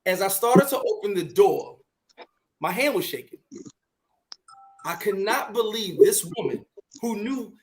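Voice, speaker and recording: Male talk host, high voice, animated storyteller, light background hiss. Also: measured pace, long pauses, low-quality recording. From New York. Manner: animated, acts out his own shouting and repeats words. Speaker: podcast host. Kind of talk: storytelling in casual chat.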